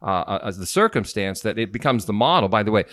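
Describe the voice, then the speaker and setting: A man's voice: on the low side, animated, a little fast, a bit bright, dry recording, clean studio sound. A man co-hosting an advice podcast as the generational expert, speaking thoughtfully and expansively. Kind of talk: casual advice chat.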